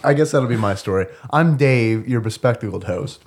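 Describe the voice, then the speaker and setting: Podcast host, male, hoarse with a sore throat, relaxed storyteller who laughs along; casual banter. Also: mid-range voice, moderate pace. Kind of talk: casual chat.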